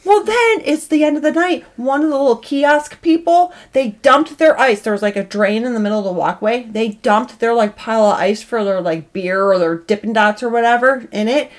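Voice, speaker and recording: Animated woman telling a story. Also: normal speed, few pauses. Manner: animated, laughing, voice jumps high when excited. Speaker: podcast co-host. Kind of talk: casual storytelling chat.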